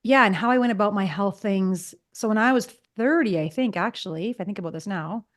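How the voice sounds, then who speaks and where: A woman in her fifties talks quickly and chattily as a guest in a relaxed interview. She tells personal stories and slips into acting out both sides of old conversations. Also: medium pitch. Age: 50s. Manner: chatty, acts out past conversations. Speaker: psychologist guest. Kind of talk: casual storytelling interview.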